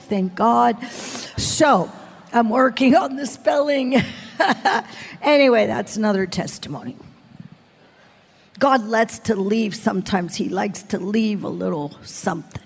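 A woman in her forties preaching and telling her testimony in a lively, animated way, often laughing. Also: sits high. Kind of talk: sermon testimony. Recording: long hall reverb.

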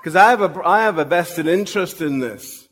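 Male preacher, high voice, joking storyteller, long hall echo. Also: expressive, normal speed, a bit bright. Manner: humorous, self-mocking anecdotes. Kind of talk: storytelling sermon.

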